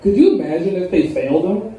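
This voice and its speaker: A young man performs stand-up in a lounge, his mellow, dark voice picked up from some distance. The room rings with a strong echo and faint noise behind him. He talks loosely, with lots of ums and likes. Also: high voice, expressive, fast. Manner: laid-back, rambling delivery with many fillers. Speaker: stand-up comedian. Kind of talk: stand-up comedy set. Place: lounge with a live audience. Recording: echoey room, far from the mic.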